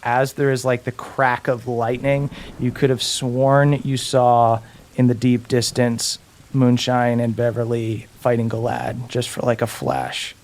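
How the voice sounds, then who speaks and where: A man's voice: mid-range voice, unhurried. Male game master with a mid-range voice, casual um-filled narration. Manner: relaxed, with frequent ums and uhs.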